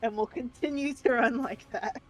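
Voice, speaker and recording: A woman's voice: a little high, moderate pace, background noise. A woman playing a tabletop game in casual chat, thinking aloud as she plays. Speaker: player.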